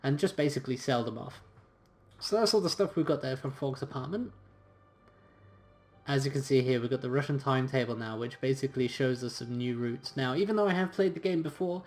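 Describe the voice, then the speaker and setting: A man plays a story game and talks through it in a casual, chatty way, then reads the game text aloud. His voice sits at a middle pitch. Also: fast talker. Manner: casual and chatty, with fillers and restarts. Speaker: game streamer. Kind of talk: let's-play commentary and reading game text aloud.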